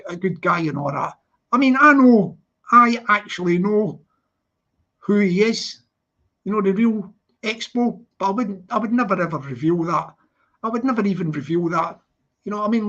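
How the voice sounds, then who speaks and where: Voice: medium pitch, fairly bright tone. A live commentator, rambling and repeating themselves, full of "you know what I mean". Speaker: livestream commentator. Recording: lo-fi livestream audio.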